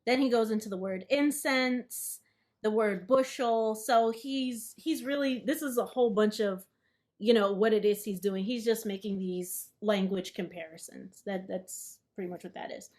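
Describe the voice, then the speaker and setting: A woman's voice: mid-range voice, moderate pace, a little mellow. A woman hosting a study session, reading passages from a book aloud and chatting casually with her live audience between passages. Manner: casual and chatty, with frequent fillers and asides. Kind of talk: reading aloud and commenting, answering chat live.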